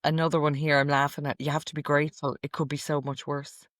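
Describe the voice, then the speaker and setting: A middle-aged woman hosts a casual podcast, reading quotes from a list in a chatty, amused way. Her voice is deep and fast with flat delivery, recorded with clean studio sound and no echo.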